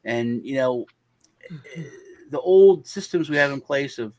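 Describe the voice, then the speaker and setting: A man's voice: medium pitch, measured pace, no room sound. A man telling a long anecdote on a casual panel show and acting out the other people in it. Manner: animated anecdote-telling, acts out quoted voices. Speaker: panel guest.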